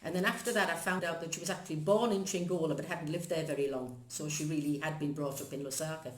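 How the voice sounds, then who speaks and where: A woman's voice: sits low, steady tone, fast. A woman in her sixties from Zambia, speaking in an earnest, chatty way and laughing often. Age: 60s. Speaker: guest. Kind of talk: casual chat. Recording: echoey room.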